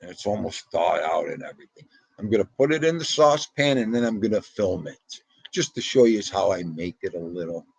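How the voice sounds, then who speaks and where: A man hosting a casual livestream, talking to his chat with a gravelly, husky voice. He is chatty and excitable, and his pitch leaps up suddenly as he talks, over a dry, close sound with no room echo. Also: a little fast. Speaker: livestream host.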